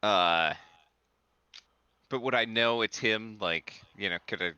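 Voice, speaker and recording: A man with a fairly low, very bright and crisp voice, thinking aloud at the game table. He hesitates and fills pauses as he plans his turn. The sound is dry and a little dull, like an online call. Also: no echo. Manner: hesitant, many fillers. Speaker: player. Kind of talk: tabletop game play, casual chat.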